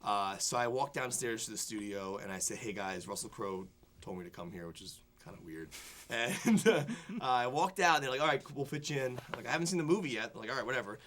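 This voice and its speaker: A young man, a film critic, telling an animated story in a studio interview, full of fillers and restarts. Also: mid-range voice, a little fast, a little hiss or hum. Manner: excited, rambling anecdotes full of fillers and restarts. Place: television studio before a student audience.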